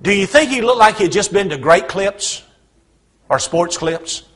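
A man's voice: high-pitched, expressive, measured pace, a bit bright. A man preaching a sermon, telling a Bible story with humor and acted-out voices.

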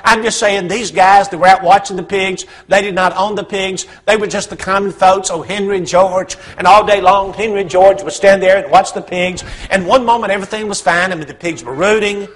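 A man's voice: high-pitched, steady tone, fairly quick, hardly any pauses, fairly bright tone. A man preaching a sermon, telling a Bible story with humor and acted-out voices.

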